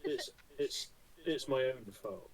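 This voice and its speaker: A man chatting at a tabletop game, his voice at a plain middle pitch. He stammers and repeats himself, sounding apologetic. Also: expressive, slow, poor audio. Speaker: player. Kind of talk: casual tabletop chat.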